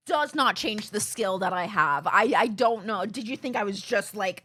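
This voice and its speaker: A young woman streamer chatting casually, telling an animated story, quoting others and laughing often. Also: fairly high pitch, unhurried, hardly any pauses, husky.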